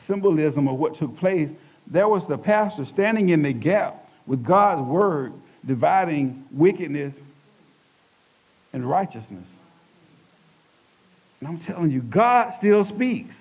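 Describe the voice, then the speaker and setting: Male testimony preacher, slightly high voice, lively storyteller who acts out the voices, dull lo-fi recording. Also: measured pace, long pauses. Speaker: church speaker giving testimony.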